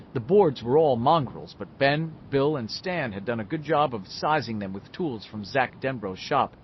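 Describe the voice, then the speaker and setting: Male narrator, lively varied delivery, slightly dull lo-fi audiobook take. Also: medium pitch, slight background noise. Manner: lively, expressive reading. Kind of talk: scripted narration.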